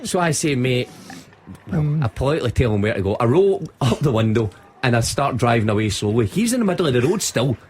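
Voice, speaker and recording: A man's voice: medium pitch, big pitch swings, fast, few pauses, a little mellow, slight background noise. A Scottish man, a football pundit, telling a funny story on a radio show and laughing as he goes. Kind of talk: animated anecdote on sports radio. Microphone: studio microphone.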